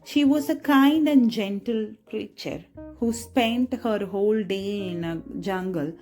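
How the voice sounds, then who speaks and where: A woman's voice: fairly high pitch, a little mellow. A woman narrating a moral story for children in a chatty way, often checking in with her listeners. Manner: chatty, asks listeners "right?".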